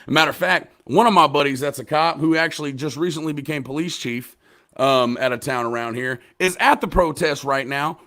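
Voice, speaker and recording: A man hosting a casual podcast discussion, talking with profanity and rising into passionate rants between quieter stretches. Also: lively intonation, a little fast. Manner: profane, impassioned, swings from low mumbles to loud rants. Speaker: podcast host.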